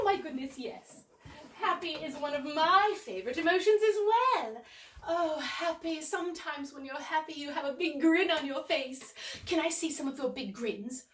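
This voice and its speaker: A woman with an English accent plays a cheerful, prim English nanny hosting a children's storytime in character, coaxing young viewers at home. Her high voice is bright and exclamatory, full of gasps and "oh"s, and it sounds distant in a roomy echo with a little hiss or hum.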